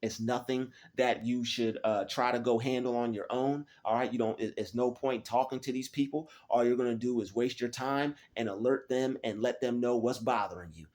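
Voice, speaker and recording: A man's voice: mid-range voice, fairly even intonation, normal speed, hardly any pauses, a little mellow. A man giving a motivational spiritual talk alone in a small room, speaking in repetitive, declarative affirmations. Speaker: spiritual vlogger.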